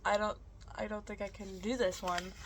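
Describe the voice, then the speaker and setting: A woman's voice: mid-range voice, level tone, moderate pace, noisy background. Chatty young woman vlogging casually. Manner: chatty, rambling, self-correcting. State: out of breath. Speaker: book vlogger. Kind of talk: casual vlog chat.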